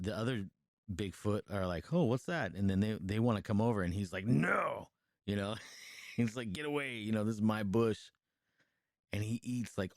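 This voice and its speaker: A man with a somewhat low voice talks through a film's plot in loose, cursing podcast chat. He trips over restarts and "like"s as he goes. The sound is dry and close, with no room around it. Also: darkish tone, dry recording. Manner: rambling and profane, full of fillers and restarts, laughs while telling. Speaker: podcast co-host reviewing a movie. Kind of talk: casual chat, retelling a film.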